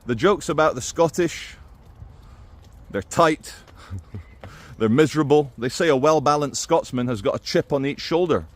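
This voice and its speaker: A man talking through his opinions in a casual, animated monologue to camera. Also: fairly high pitch, measured pace. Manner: conversational and animated, with quoted impressions. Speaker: video commentator.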